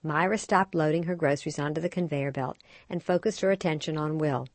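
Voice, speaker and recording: A woman co-hosting a parenting show, reading a scripted story with expressive storytelling. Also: sits low, a little fast, dry recording. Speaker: radio show co-host. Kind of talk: scripted narration.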